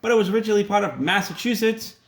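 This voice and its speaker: A man's voice: high voice, very fast. A man with a Rhode Island accent teaching a casual classroom lesson, chatty and full of joking asides.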